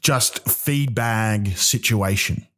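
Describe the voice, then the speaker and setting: A man's voice: on the low side, a bit bright. Rambling man mock-ranting. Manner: rambling, halting, with many ums and restarts; mock-outraged, exaggerating for laughs. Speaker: comedy podcast host. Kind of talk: comic rant.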